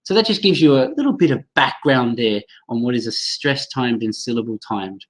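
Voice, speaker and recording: A man's voice: mid-range voice, lively intonation, normal speed, low-quality recording. A man leading a live online training for teachers over a computer mic, chatty, reacting to viewers' comments and often restarting his sentences.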